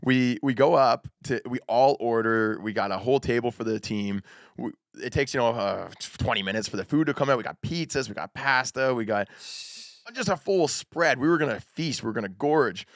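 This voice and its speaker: A man's voice: medium pitch, normal speed, dry recording, studio quality. Laughing man telling a story. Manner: animated storyteller, acts out quotes, laughs often. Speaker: podcast co-host. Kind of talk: casual storytelling chat.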